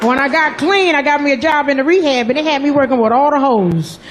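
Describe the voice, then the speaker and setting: A male comedian playing a foul-mouthed former streetwalker who now works at a rehab, in a loud, bawdy, drawling stand-up bit recorded live. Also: extremely high pitch, quick pace. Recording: live club set, loud crowd and noise. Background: audience laughter.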